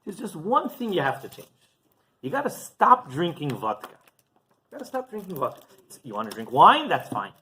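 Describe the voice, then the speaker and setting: A man's voice: fairly high pitch, wildly swooping pitch, normal speed, sharp tone, slight background noise, full character voice. Guy putting on a laid-back ghost of a drunk partier, chatty, swoops up and down a lot. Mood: casual. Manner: casual, chatty, defensive. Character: carefree male drunk reveler, a ghost back from heaven.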